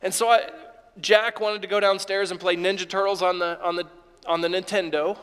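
A man in his thirties preaching a sermon, telling a personal story with emotion and halting restarts. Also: high voice, flat delivery, a bit bright, smooth. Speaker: pastor. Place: church sanctuary. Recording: long hall reverb in a church.

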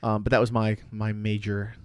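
A man's voice: lowish voice, monotone, normal speed, smooth, no echo. A man co-hosting a podcast, chatting casually, explaining at length and joking. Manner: easygoing, explains at length, jokes. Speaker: podcast co-host. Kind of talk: casual chat with product review.

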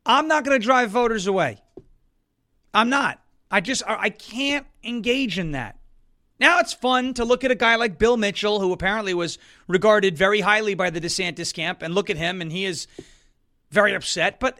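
Male political commentary host, high and bright tone, sarcastic and emphatic. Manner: sarcastic, mocks opponents in put-on voices; loud emphatic outbursts.

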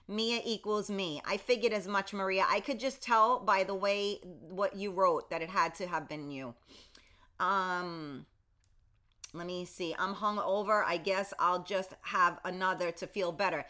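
A woman's voice: medium pitch, steady tone, a little slow. A middle-aged woman hosting a morning livestream, chatting casually and reading out viewer comments. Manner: chatty, warm greetings to viewers, reads comments aloud. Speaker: livestream host.

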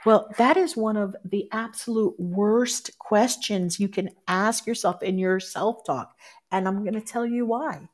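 A woman's voice: mid-range voice, unhurried. A woman speaking as a life coach, giving an earnest, explanatory motivational talk and sometimes correcting herself mid-sentence.

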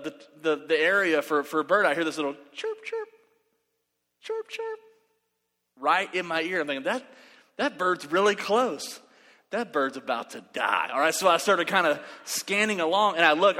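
Man, preacher, bright forceful voice, animated storytelling, echoing hall. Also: on the high side. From West Texas. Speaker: pastor. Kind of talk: sermon with storytelling. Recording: reverberant hall.

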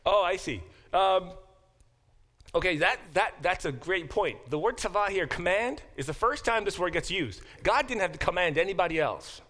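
A middle-aged man teaching a class, explaining with lively examples and frequent restarts. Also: sits high, moderate pace. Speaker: professor teaching a Bible class. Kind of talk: classroom lecture.

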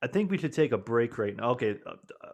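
A man's voice: medium pitch, big pitch swings, fast talker, a little mellow. A man chatting casually over a movie with friends, rambling and laughing as he searches for names. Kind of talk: casual movie commentary chat.

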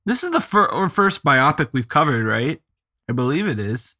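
Bright-voiced man chatting on a podcast. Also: on the high side, big pitch swings, normal speed. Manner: chatty, laughs often, trails off. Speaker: podcast co-host. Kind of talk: casual chat.

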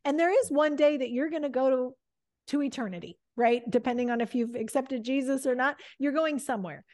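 A woman's voice: high-pitched, brisk, a little mellow. Encouraging woman podcast host. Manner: encouraging, affirming, faith-based advice. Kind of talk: casual podcast chat.

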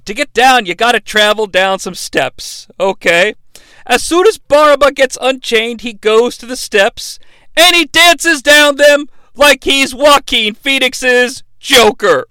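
A man hosting a comedic movie recap, talking in a profane, animated and sarcastic way. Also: very high-pitched, slow pace, smooth, dry recording. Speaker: host.

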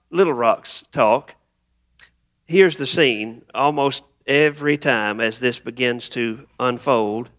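A male pastor gives a sermon in a church, speaking slowly and earnestly as he prays and reads scripture. His voice sits a little higher than most men's. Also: a bit bright. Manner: slow, earnest preaching with prayer and scripture reading.

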